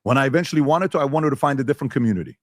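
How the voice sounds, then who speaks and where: A man's voice: mid-range voice, rapid-fire, dry recording, clean studio sound. A male podcast host in a heated debate, talking emphatically and firing rhetorical questions.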